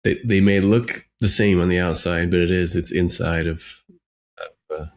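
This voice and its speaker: Deep-voiced podcast host guy, kinda halting, keeps affirming the guest. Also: fairly even intonation, a little mellow, soft background music. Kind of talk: interview host.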